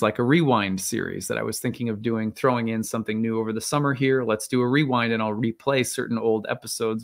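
A man talks on his own at an ordinary middle pitch, working through his ideas as he goes. He rambles, circles back, and restarts sentences, with plenty of fillers along the way. The delivery stays loose and conversational, like a casual monologue. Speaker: astrologer.

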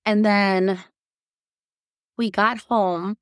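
Lively woman telling a story. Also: very slow, dry recording, clean studio sound. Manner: animated, laughs often, acts out quotes in a higher voice. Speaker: podcast guest. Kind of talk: casual storytelling.

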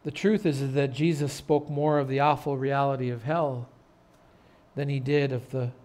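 A man pastor preaching an earnest sermon in a church, turning loud and dramatic when telling a story. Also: medium pitch, steady tone, normal speed. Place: church sanctuary.

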